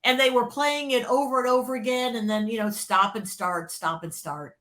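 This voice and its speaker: A woman, a former record label creative executive, telling stories in a podcast interview with lively excitement, restarting sentences and laughing often. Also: fairly high pitch, moderate pace. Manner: excited, repeats words and restarts, laughs often, swings between hushed and loud. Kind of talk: animated storytelling in a podcast interview.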